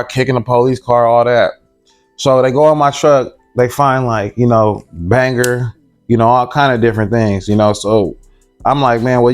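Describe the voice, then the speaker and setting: A man at a middle pitch tells a story in casual street slang, keeping his listener hooked with the same tag line and acting out what the others said. Faint music plays behind him. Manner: slangy, animated, acts out the voices of others. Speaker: interviewee.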